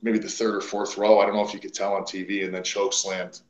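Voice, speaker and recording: Recorded with a roomy echo, a man with a lowish voice and quick pace guests on a wrestling podcast. His storytelling in the casual interview is blunt, animated, and heavily profane.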